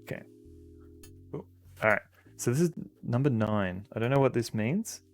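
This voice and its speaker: Australian male streamer, casual rambling delivery, creaky texture. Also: mid-range voice, animated, normal speed, soft background music. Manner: rambling, chatty, fond baby-talk to dogs. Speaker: game streamer. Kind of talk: casual live-stream chat. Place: home room with dogs.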